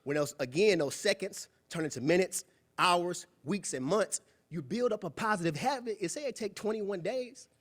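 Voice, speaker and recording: A young man giving a preachy, animated motivational talk at a club meeting, acting out quoted voices. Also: sits high, normal speed, breathy edge. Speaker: guest speaker. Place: meeting room.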